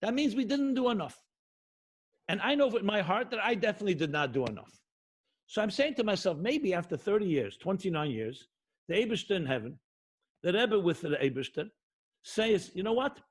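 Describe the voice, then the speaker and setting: High-voiced man preaching with fervor. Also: very animated, fairly quick. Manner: emphatic, repetitive, rhetorical questions. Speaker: rabbi teaching Jewish spirituality. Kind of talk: impassioned sermon.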